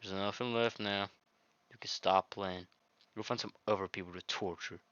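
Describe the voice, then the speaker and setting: A man voicing a heartbroken, betrayed young woman who speaks in a quiet, hurt, accusing way. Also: lowish voice, fairly even intonation, moderate pace, clear, resonant tone, dry recording, highs cut off, lightly acted. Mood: bitter.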